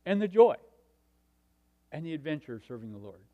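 Middle-aged male preacher, high voice, storytelling sermon with big swings from hushed to loud. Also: sing-song, fairly quick.

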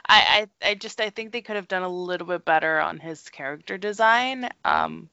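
Bright, smooth-voiced woman on a podcast. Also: lowish voice, normal speed, no room sound. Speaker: podcast panelist. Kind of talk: casual film review chat. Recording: dry dull lo-fi podcast audio.

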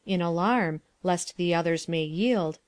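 A woman reads stage directions in an even, matter-of-fact way. Her voice is on the low side. The sound is dry and close. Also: measured pace, dry recording. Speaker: narrator reading stage directions. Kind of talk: plain audiobook reading.

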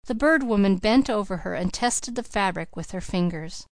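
Woman reading an old novel, steady, mid pitch, dry close sound. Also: normal speed, no echo. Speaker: audiobook reader. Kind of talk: scripted narration of a classic novel.

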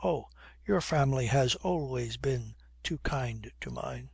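A man's voice: mid-range voice, a little slow, creaky, a little mellow, breathy edge, dry recording, exaggerated voice. A man voicing a proud, bitter exiled prince with a disdainful manner.

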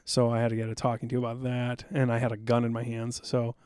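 A man's voice: mid-range voice, monotone, fast, a little mellow, clean tone, dry recording. A middle-aged man from South Dakota, a podcast guest telling stories in an intense, amped-up, blunt and profane way. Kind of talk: casual storytelling.

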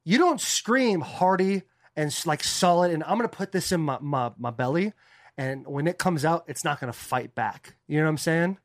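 Brief: crude, animated co-host from Arizona, voice swings widely, dry close mic. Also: male voice, on the high side, moderate pace, no echo. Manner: animated, rambling storytelling with crude slang. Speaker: podcast co-host. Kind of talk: casual chat.

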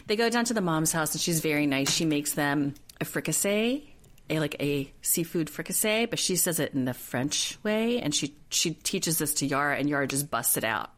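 Low-voiced woman cohosting a podcast, chatty and animated, does little voices when she quotes people. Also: moderate pace. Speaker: podcast co-host. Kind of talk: casual chat recapping a reality show.

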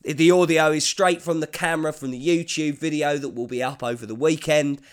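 Male podcast host, high-pitched, casual and sweary, roomy echo. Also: fairly even intonation, a little fast, distant mic. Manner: chatty, sweary, jokey.

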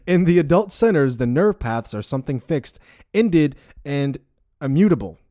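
A man's voice: on the high side, big pitch swings, a little slow, dark tone, no echo, studio quality. A man hosting a casual podcast chat. He laughs often and trips over big words as he explains what he has read. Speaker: podcast host.

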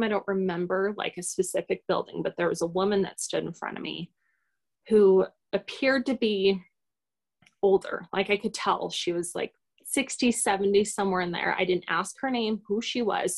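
A woman's voice: mid-range voice, creaky. A woman guest telling a personal story in a casual, rambling, hesitant way, full of fillers.

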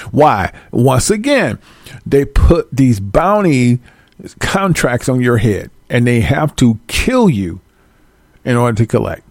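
Male vlogger, gravelly voice, dry close sound, animated profane comedic rant. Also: medium pitch, slow, no echo. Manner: animated, profane, laughing between lines.

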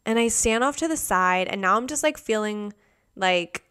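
Young woman, mid-pitched and smooth, chatty vlogger storytelling, lots of fillers. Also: moderate pace. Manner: rambling, filler-heavy, animated retelling. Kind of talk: casual storytelling.

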